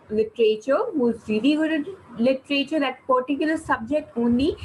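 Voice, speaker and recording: A woman's voice: high voice, poor audio. Teacher lady reading a story to kids on a call, faint hiss in the back. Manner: lively, questions the class, explains words. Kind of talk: online storytelling class for kids.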